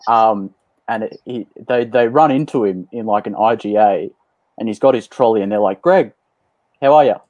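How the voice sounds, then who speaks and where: A man on a sports panel, telling jokes in a dry, deadpan way. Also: on the low side, normal speed, dry recording, dull audio. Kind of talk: casual panel chat.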